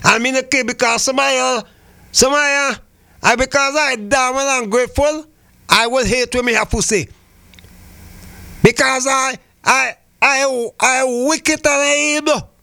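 A man's voice: very high voice, fairly even intonation, a little slow, gravelly, bright, forceful tone, clean tone, no echo. An older man from Saint Vincent with a Vincentian Creole accent, giving heated political talk on radio, preachy and fiery, repeating phrases for emphasis. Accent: Vincentian Creole English.

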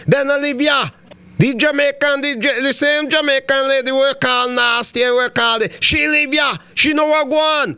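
A man's voice: very high-pitched, sharp tone, clean tone. A man hosting a radio talk show, ranting heatedly about politics and repeating himself as he goes.

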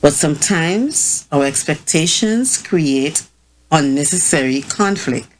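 A woman hosting a talk on parenting, reading prepared remarks in a measured way and sometimes correcting herself. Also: sits low, lively intonation, rough recording. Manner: slow, measured, with self-corrections. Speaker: host.

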